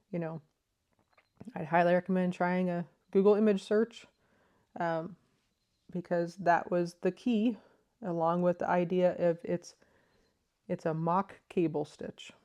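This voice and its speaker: Mellow low-voiced woman crafting vlogger. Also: fairly even intonation, unhurried, long pauses. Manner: thoughtful, enthusiastic, soft-spoken with frequent fillers. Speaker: crochet vlogger. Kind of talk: casual explanatory vlog. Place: living room.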